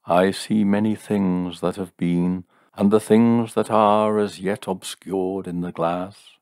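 A man voicing a grave fortune teller in an audiobook story, intoning slowly and mournfully in a deep voice. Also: fairly even intonation, darkish tone, no echo, clean studio sound. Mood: solemn. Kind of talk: audiobook character voice.

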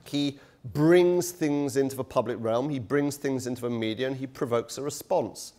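A middle-aged guest lecturer delivers a public university lecture on a touchy handheld mic, his voice medium in pitch, moderately paced, and somewhat dark. He speaks conversationally and pokes fun at himself, with lots of fillers and restarts.

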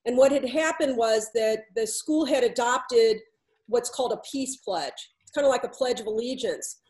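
A woman's voice: a little high, normal speed, darkish tone, poor audio. A middle-aged woman consultant recounting a story in a storytelling talk, relaying back-and-forth dialogue between herself and others. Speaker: workplace consultant.

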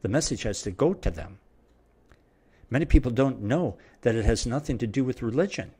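A man's voice: mid-range voice, animated, normal speed, dark tone, breathy edge. A middle-aged man preaching a verse-by-verse Bible sermon with an emphatic, repetitive cadence.

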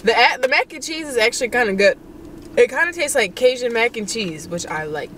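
Young woman in a car going off about food, bright sharp voice, faint hiss. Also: a little high, big pitch swings. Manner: blunt, quick, playful. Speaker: co-host of a couple's vlog. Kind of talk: casual mukbang chat.

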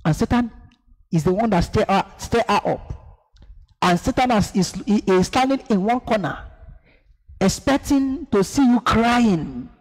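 A man's voice: high-pitched, expressive, a little slow. A man preaching a sermon, emphatic, asking the congregation to repeat after him and acting out scenes. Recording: echoey hall.

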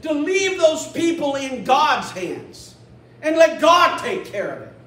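A man preaching a sermon as pastor, animated, acting out a scripture story in quick little voices. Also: very high voice. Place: church. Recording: echoey church room from a distance.

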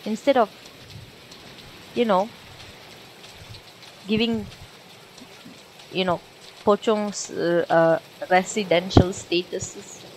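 A woman's voice: mid-range voice, fairly even intonation, takes it slowly, pauses often, darkish tone, slight background noise, poor audio. A young woman, swearing and nervously chatting through a horror game. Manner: jumpy, swearing, slangy banter. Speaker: gamer.

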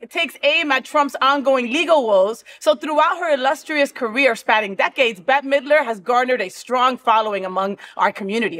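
A woman hosting a casual chat show, talking in an animated, teasing way. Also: sits high. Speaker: host.

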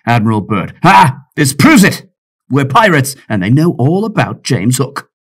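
A man voicing a cocky, boastful young pirate captain in an audiobook, his voice jumping high when excited. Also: moderate pace, husky. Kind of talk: audiobook character voice.

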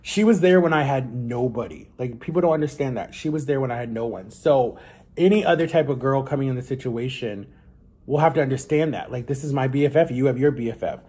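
A young man talks to his vlog audience in a loose, confessional ramble. His voice is warm and a little husky, and his sentences often loop back with "like" and restarts. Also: mid-range voice, a little fast. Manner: rambling, chatty, lots of "like" and self-corrections. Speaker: vlogger. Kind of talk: casual confessional vlog talk.

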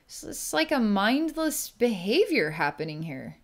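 A woman working as a psychic healer, narrating a distance healing vision in a halting, searching way as the images come to her. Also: fairly high pitch, sing-song.

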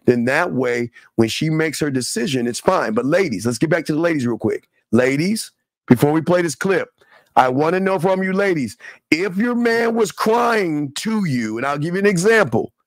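A man hosting a casual talk show, animated and preachy, often repeating himself. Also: fairly high pitch, moderate pace, no echo, studio quality. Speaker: podcast host.

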